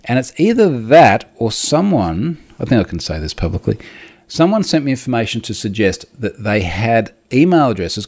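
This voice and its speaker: Chatty, wry man with a lowish voice. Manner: chatty and wry, laughs at himself, explains in technical detail. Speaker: host reading viewer comments. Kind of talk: casual solo chat on online security.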